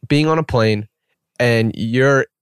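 A man's voice: mid-range voice, takes it slowly, smooth, no echo, studio quality. A man co-hosting a podcast, chatting casually about a film and acting out scenes as he retells them. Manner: animated storyteller, acts out scenes. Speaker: podcast co-host. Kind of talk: casual film-discussion chat.

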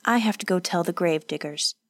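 Lady reading as a grumpy old wood guy, blunt and scolding, lowish voice, dry sound. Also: a little fast, dry recording, close to an everyday voice. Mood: gruff. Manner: stern, blunt, lecturing. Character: gruff old male woodseller, blunt and scolding.

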